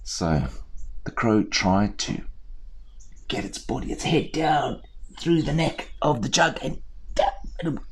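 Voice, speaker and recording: A man storyteller talking to viewers in a lively, chatty way with playful asides, indoors on a small theatre set. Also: mid-range voice, slow pace, pauses often, breathy edge.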